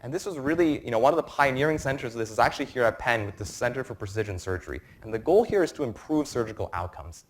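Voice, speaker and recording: A young man in his twenties presenting an academic lecture to a room, explaining research in a quick, informal way. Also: mid-range voice, lively intonation. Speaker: medical student presenter.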